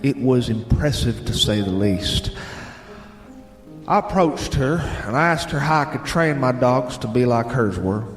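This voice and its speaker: Southern male radio host reading listener mail at an easy storytelling pace; reverberant room, bluegrass music behind. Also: mid-range voice. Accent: Southern American.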